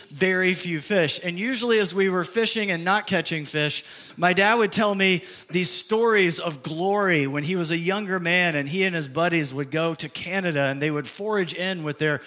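Bright-voiced man preaching a sermon. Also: high-pitched. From US Midwest. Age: 50s. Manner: storytelling, conversational, earnest. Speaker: pastor.

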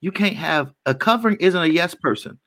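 A man's voice: a little high, animated, brisk, a bit bright, slight background noise. A man in a casual chat about church, preachy and building to emphatic points.

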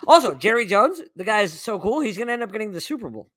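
A man co-hosting a casual sports talk show, excitable and animated, often repeating words as he goes. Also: high voice, fast, no echo, clean studio sound. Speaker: podcast co-host.

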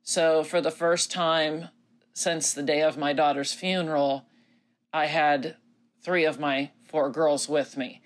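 Woman, middle-aged, low voice, grieving mother, emotional, earnest, halting, frequent fillers. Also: steady tone. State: emotional, near tears. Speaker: bereaved mother addressing grieving parents. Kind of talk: personal video message.

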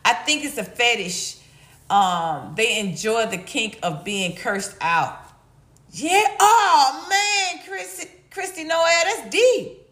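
A woman's voice: a little high, animated, slow, fairly bright tone. A middle-aged woman hosting a livestream, chatting casually and reading chat comments in a slangy, blunt, laughing way. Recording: echoey room.

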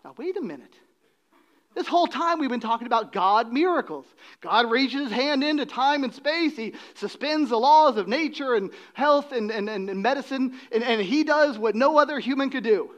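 High-voiced, dynamic preacher. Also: male voice, lively intonation, moderate pace, highs cut off. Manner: dynamic preaching, swings between loud emphasis and hushed drops. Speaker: pastor. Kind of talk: sermon.

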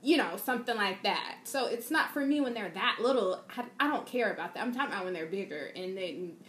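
A woman's voice: medium pitch, lively intonation, brisk, a bit bright, echoey room. A woman co-hosting a podcast, speaking emphatically and opinionated, with colloquial grammar. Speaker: podcast co-host. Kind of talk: casual podcast chat. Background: faint ambient noise, family sounds.

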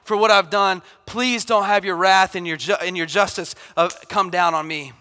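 A man's voice: high-pitched, steady tone, normal speed, bright, forceful tone, smooth. A man voicing a repentant male king who desperately begs God for mercy with a raised voice. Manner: begging, raised voice. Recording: long hall reverb.

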